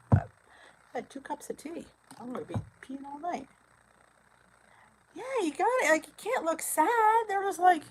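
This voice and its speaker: A middle-aged woman from New Jersey hosting a casual live-stream chat, chatty and quick to laugh as she answers viewer comments. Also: on the high side, low-quality recording. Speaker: weight loss channel host.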